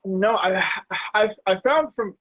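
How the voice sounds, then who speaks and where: A man's voice: high voice, animated, slow pace, a bit bright, no room sound, dull audio. A man hosting a casual chat, talking hesitantly with many fillers and laughing easily. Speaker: podcast host.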